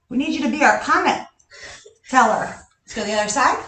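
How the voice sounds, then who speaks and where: A woman's voice: high-pitched, pushed and bright, distant mic. A woman leading a live online gymnastics workout as coach, counting reps cheerfully and chuckling between exercises. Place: large gym. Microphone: camera a distance away. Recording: echoey gym, voice off-mic.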